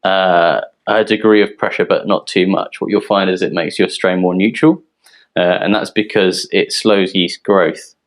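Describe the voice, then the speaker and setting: A man from a yeast company presenting technical details in a relaxed, explanatory way, with frequent ums. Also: sits low, normal speed, poor audio. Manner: explanatory, filler-heavy, relaxed.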